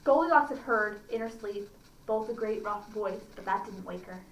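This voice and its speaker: A woman at a library reading a fairy tale aloud to children, pausing to comment and ask them questions. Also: mid-range voice. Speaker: library storyteller. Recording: roomy, distant mic, faint ambience.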